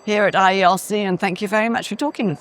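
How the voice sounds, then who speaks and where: A man's voice: high voice, fairly even intonation, quick pace, fairly bright tone, a little hiss or hum. A man interviewing a guest at a trade fair, asking brief questions and murmuring agreement.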